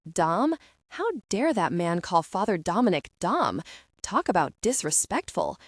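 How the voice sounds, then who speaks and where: A woman's voice: on the low side, expressive, moderate pace, no room sound, studio quality. Wry young woman narrating an audiobook. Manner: wry, confiding and emotional. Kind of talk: first-person young adult audiobook narration.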